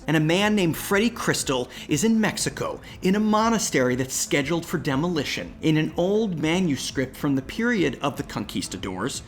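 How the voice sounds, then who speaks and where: A young man hosting and telling a campfire ghost story, dramatic, dropping to hushed whispers and jumping to excited outbursts. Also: on the high side. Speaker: host and storyteller.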